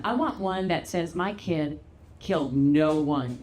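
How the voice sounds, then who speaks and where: A woman's voice: on the low side, unhurried, a little mellow. A middle-aged woman from Louisiana with a Southern accent, doing a brash, bawdy stand-up set on a theatre stage. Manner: brash, bawdy storytelling, big acted-out quotes. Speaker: stand-up comedian. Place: theatre stage with live audience. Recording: roomy theatre with crowd noise.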